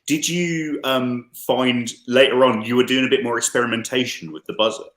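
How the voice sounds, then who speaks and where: Animated male co-host in an echoey room. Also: mid-range voice, normal speed. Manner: animated, restarting sentences. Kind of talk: casual chat. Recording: roomy echo.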